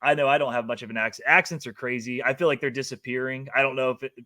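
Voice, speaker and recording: A man from North Carolina in easy podcast talk, his voice sitting at an ordinary middle pitch. He wanders through his points, stops short and starts over. It sounds loose and conversational. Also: fairly even intonation, quick pace, sharp tone. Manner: rambling, self-interrupting. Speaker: podcast co-host. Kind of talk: casual chat.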